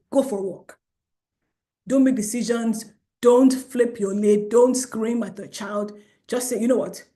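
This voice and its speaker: A middle-aged woman gives a lively talk to parents about helping children calm down. She slips into the voices of parents and children to act out the moments she describes. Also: mid-range voice. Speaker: child development specialist.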